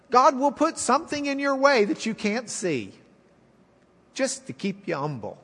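A man's voice: extremely high pitch, big pitch swings, normal speed, long reverb tail. A male preacher retelling a story in a folksy, wry, conversational sermon.

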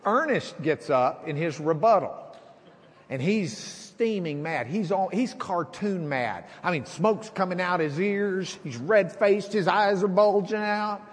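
A middle-aged man preaching a sermon, telling a courtroom story and acting out the voices with lively energy. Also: high-pitched, measured pace. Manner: animated storyteller, acts out voices. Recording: hall reverb.

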